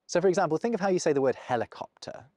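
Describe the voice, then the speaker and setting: A man's voice: fairly high pitch, expressive, racing, a little mellow, no room sound. A man with a British received pronunciation accent giving a scripted, precise explainer narration. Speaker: language video presenter.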